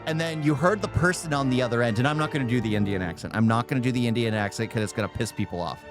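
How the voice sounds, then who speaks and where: A man's voice: mid-range voice, racing, over music. A man hosting a reaction video, rambling casually and chuckling as he talks. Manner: rambling, self-interrupting, chuckles often.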